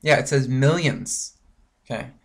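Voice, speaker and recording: A man's voice: medium pitch, measured pace, gravelly. Guy from canada ranting on his vlog, pissed off, swearing a lot, lots of likes and ums. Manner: frustrated, profane, rambling with many fillers. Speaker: vlogger. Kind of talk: angry ranting monologue.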